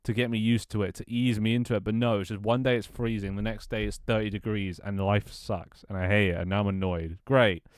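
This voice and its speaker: Grumbling and swearing between easy laughs, a UK man chats casually on his live stream. His voice is low, smooth and resonant, with fairly even intonation, a slightly fast pace and few pauses. A close desk mic in a small home room captures it dry, with no echo.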